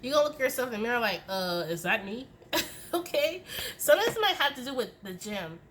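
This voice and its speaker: A woman's voice: high-pitched, big pitch swings, fast talker, a bit bright, slight background noise. A young woman giving a casual tarot reading to camera, emphatic and swearing often, with many "okay?" tags as she delivers a tough-love pep talk. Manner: many "okay?" tag questions. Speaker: tarot reader.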